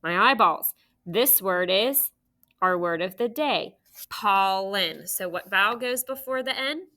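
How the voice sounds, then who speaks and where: A woman teaching a recorded phonics lesson to children, sounding out letters slowly and clearly into a computer mic. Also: medium pitch, expressive, pushed and bright. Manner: slow, clear teacher talk with drawn-out sounds.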